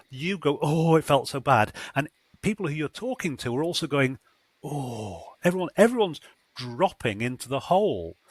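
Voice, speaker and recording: A man hosting a casual conversation, animated and acting out reactions with exclamations as he explains. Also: mid-range voice, dry recording. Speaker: host.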